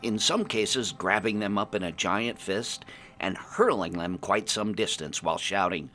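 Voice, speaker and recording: Deep-voiced male fantasy storyteller. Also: a little slow, sharp tone. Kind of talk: first-person fantasy story narration.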